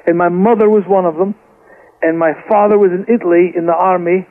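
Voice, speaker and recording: A man's voice: high voice, fairly even intonation, brisk. A Scottish man from Scotland, a guest preacher telling his family's testimony with fervour and frequent repeated words, heard over a phone line. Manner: fervent, repeats words while telling the story. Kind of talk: impassioned testimony storytelling.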